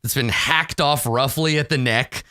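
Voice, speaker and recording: A man narrating a tabletop game as game master, animated and giggly in his storytelling. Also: mid-range voice, unhurried, no echo, clean studio sound.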